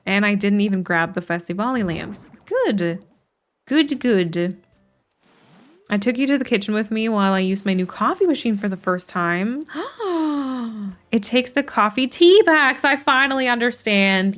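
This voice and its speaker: A woman streamer chatting casually while playing a game, thinking aloud with restarts and light laughs. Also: mid-range voice.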